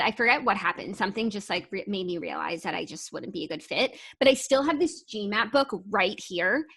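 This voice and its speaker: A woman's voice: medium pitch, a bit bright, breathy edge. A young woman co-hosting a podcast, chatting in a rambling way with many restarts. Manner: rambling, self-interrupting, reads stories aloud. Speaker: podcast co-host. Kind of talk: casual chat.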